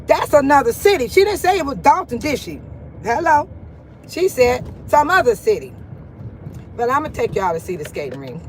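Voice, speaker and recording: A woman giving a casual walking-tour vlog, chatty and repetitive with sudden loud exclamations, recorded on a handheld phone while driving and walking outdoors. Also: a little high, big pitch swings, fairly quick, slight background noise, poor audio. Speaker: local vlogger.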